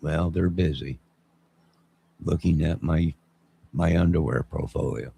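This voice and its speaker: Gravelly low-voiced man rambling on stream. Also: measured pace, dark tone, slight background noise. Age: 50s. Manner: rambling, jokey, responds to chat. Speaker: channel host. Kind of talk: rambling live-stream chat.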